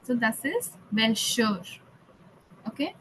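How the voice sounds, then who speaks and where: A woman's voice: fairly high pitch, very animated, takes it slowly, fairly bright tone, slight background noise, poor audio. A woman teaching a German class online, explaining grammar patiently in English and German and often checking with "okay". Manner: switches between English and German.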